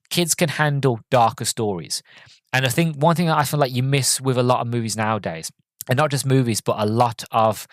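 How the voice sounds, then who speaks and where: A young man talks his way through a movie's story in a loose, rambling podcast style, stumbling over words and padding with "um" and "like". His voice sits at an ordinary middle pitch and is recorded close and dry, with no room sound around it. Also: no echo. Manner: rambling, full of fillers and self-corrections. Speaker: podcast host reviewing a film. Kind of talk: casual spoken film recap.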